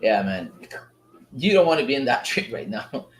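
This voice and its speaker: A man hosts a live forex trading stream, chatting loosely with viewers in slang and getting excited as prices move. He speaks at normal speed in a middle pitch, and the room sounds roomy and echoey.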